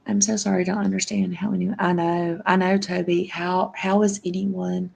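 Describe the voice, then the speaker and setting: A woman's voice: lowish voice, level tone, normal speed, vocal fry, darkish tone, husky. A middle-aged woman hosting a casual livestream chat, speaking affectionately and answering viewers' comments by name. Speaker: livestream host.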